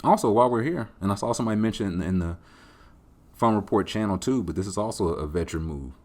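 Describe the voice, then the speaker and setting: A deep-voiced man hosts a podcast, working through listener questions in casual chat. He speaks quickly with lively intonation and a slightly mellow quality, rambling and joking with plenty of slang and the occasional swear word.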